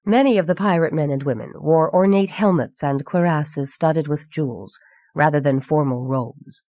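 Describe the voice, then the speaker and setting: A woman reading a fantasy novel aloud as an audiobook narrator, in a measured, even manner, on a dull, dry old cassette recording. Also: low voice, no room sound. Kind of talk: scripted narration.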